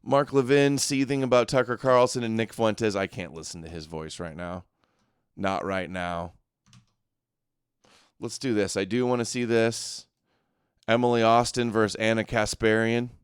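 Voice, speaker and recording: A man's voice: on the low side, fairly even intonation, normal speed, clean tone, dry recording, clean studio sound. Sarcastic man hosting a livestream. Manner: sarcastic, mocking asides. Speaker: livestream host. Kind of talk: livestream commentary.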